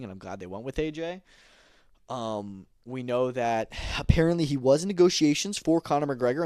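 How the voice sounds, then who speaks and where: A man talks fast and emphatically as a podcast host, sharing blunt opinions on fights in a casual way. His voice sits at a middle pitch and sounds dry and close, with no room echo. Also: a little mellow. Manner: opinionated, emphatic, many fillers. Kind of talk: casual combat sports commentary.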